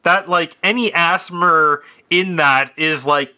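A man's voice: fairly high pitch, slow, sharp tone. A man co-hosting a podcast in casual chat, cracking crude jokes and stammering on his starts. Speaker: podcast co-host.

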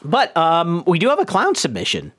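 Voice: medium pitch, wildly swooping pitch, moderate pace, fairly bright tone, breathy edge. A podcast host in casual chat, rambling with lots of hesitations and frequent giggles.

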